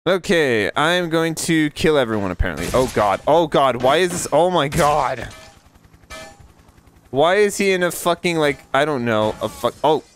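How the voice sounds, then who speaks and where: A man commentating a gameplay video, panicking and swearing, his voice jumping into high squeals. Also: lively intonation, moderate pace, slight background noise. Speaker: gaming video creator. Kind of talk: let's play commentary.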